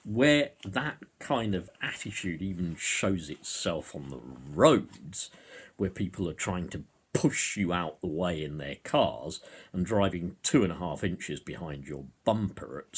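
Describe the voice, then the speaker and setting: A man's voice: sits low, animated, slow pace, husky. A man vlogging to camera from home, talking in a rambling way with hesitant fillers. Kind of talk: monologue to camera. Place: indoors at home. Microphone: camera in front of him.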